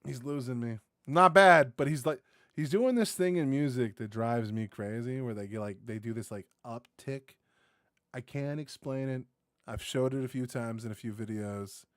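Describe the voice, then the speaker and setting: A man doing casual reaction commentary, rambling and excitable, swearing freely and tossing in dude and bro. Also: mid-range voice, moderate pace, no echo, studio quality. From United States. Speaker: reaction video host.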